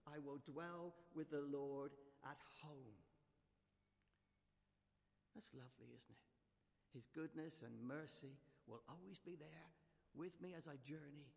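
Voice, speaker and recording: A man preaching a gentle, conversational sermon in a church, leading the congregation to join in. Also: on the high side, creaky. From United Kingdom. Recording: reverberant church hall.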